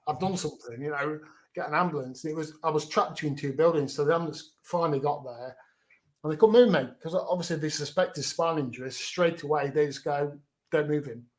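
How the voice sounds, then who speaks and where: A man's voice: a little high, a little fast. A middle-aged man, frankly recounting his own story as a guest in an interview, often restarting his words. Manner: frank, plain-spoken, repeats words as he restarts.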